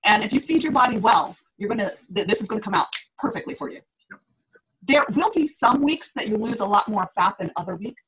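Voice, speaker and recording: A woman's voice: mid-range voice, expressive, a little fast, a bit bright, slightly rough, rough recording. A middle-aged woman fitness coach on a group call, talking in a chatty way, laughing often and acting out her clients' reactions.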